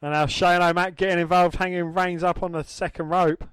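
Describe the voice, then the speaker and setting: A man's voice: high-pitched, little pitch movement, fairly quick, fairly bright tone, clear, resonant tone, dry recording. A man co-hosting a podcast, calling wrestling moves in a blunt, crude, casual way. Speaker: podcast co-host. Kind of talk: casual wrestling commentary chat.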